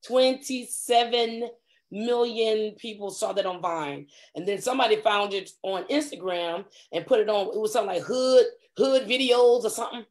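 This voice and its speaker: A middle-aged woman, a comedic actress, telling stories in a casual interview and acting out quotes with lively voice jumps. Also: medium pitch, moderate pace. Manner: animated, acts out quotes with big voice jumps.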